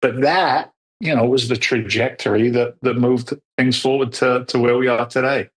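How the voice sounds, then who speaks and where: A middle-aged man telling stories as a podcast guest, acting out the dialogue lively as he talks. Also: mid-range voice, normal speed. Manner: animated storyteller who acts out quoted dialogue. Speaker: podcast guest, real estate investor. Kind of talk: storytelling interview answers.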